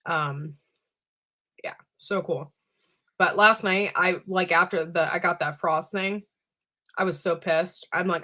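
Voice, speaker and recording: A woman co-hosting a casual live stream over a video call, chatty and quick to laugh, peppering her talk with "like" and "dude". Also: on the low side, bright, forceful tone. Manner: chewing while talking. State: recovering from illness. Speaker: co-host.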